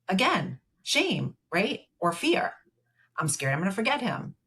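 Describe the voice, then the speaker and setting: A woman therapist appears as a podcast guest in a conversational interview, explaining at length with many fillers and acting out dialogue from a client's story. Her mid-range voice has a fairly bright tone.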